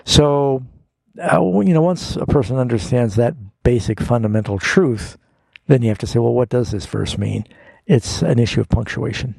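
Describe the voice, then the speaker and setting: A man, a pastor, answering listeners' Bible questions on a call-in radio show in an unhurried, explanatory teaching manner. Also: medium pitch, vocal fry, darkish tone, breathy edge, no echo.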